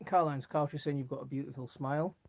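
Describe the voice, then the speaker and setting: A man's voice: medium pitch, steady tone, quick pace, vocal fry, a little mellow. A middle-aged man hosting a casual gardening live stream, chatting and reading out viewer comments in a rambling, easily sidetracked way. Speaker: gardening livestream host.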